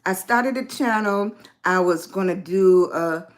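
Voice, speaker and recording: Slow-talking Southern Virginian woman livestreaming. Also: mid-range voice. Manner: slow, warm greetings to chat, spells out viewer names. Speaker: lifestyle livestreamer. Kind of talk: casual livestream chat greeting viewers.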